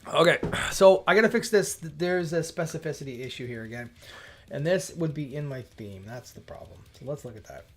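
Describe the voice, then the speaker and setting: A man's voice: a little high, lively intonation, fairly bright tone. A man hosting a coding livestream, thinking aloud, often breaking off mid-sentence and exclaiming when something works. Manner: chatty, self-interrupting, quick to exclaim at results. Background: faint background music.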